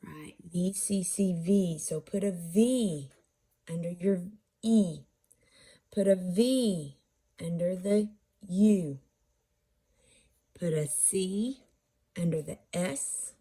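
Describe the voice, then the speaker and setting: Woman, reading teacher, phonics lesson, mellow, slow, asks and answers herself. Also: on the low side, husky. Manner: patient, asks and answers own questions; sounds out syllables slowly.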